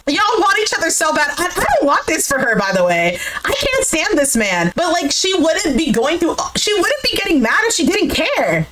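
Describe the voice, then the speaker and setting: Animated high-voiced woman recapping a show. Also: normal speed, a little hiss or hum, low-quality recording. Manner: animated, exasperated commentary with frequent "like". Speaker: reality show recap streamer. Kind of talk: casual opinionated recap.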